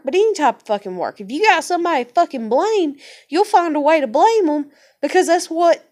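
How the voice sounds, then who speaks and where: Woman ranting to the camera, swears like crazy, kinda high voice, says y'all a lot. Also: darkish tone. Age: adult with a daughter. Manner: profane, heated, swearing constantly; Southern-style speech with y'all and fixing to. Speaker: vlogger. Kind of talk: blunt personal rant to camera.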